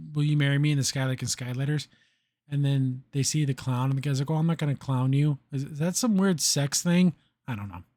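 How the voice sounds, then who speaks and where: A man with a slightly high voice, recorded close and dry. He recaps a cartoon episode in a casual, sarcastic manner and complains bluntly about its plot as he goes. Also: no echo. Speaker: podcast host reviewing a cartoon episode.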